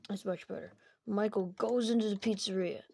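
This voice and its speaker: A woman's voice: mid-range voice, fairly quick, vocal fry, warm tone, a little hiss or hum. A woman casually narrating a silly game story in a rambling, self-correcting way.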